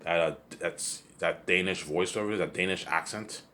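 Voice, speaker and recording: A man's voice: low-pitched, normal speed, sharp tone. A man rambling in a casual solo monologue, repeating himself and often adding "you know what I'm saying.". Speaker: vlogger.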